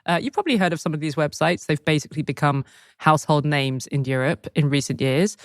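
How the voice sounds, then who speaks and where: A woman co-hosting a news podcast, talking in a lively, expressive way and laughing often. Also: low voice, quick pace, dry recording, clean studio sound. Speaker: podcast co-host. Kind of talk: casual news chat.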